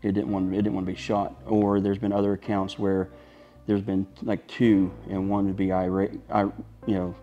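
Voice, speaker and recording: Male interviewee, deep monotone, thoughtful and hesitant. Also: moderate pace, lo-fi sound, faint music behind. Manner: thoughtful, searching for words. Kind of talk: casual conversation.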